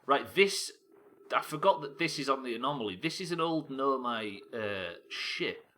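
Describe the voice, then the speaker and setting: A man with a Welsh accent commentating his live gameplay, chatting with viewers, animated and swearing casually. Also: medium pitch, moderate pace, slight background noise. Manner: animated, swears casually, reacts loudly to the game. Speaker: streamer.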